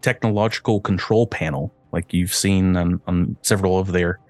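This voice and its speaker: A man narrating as game master of a tabletop game, talking in a halting way with many restarts. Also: low-pitched, fairly even intonation, a little mellow, dry recording, faint music behind.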